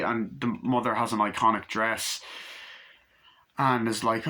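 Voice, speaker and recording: Speaking at a moderate pace with a steady, sharp tone, a low-voiced man offers a loose, meandering film review. He gushes about the movie and curses a lot along the way.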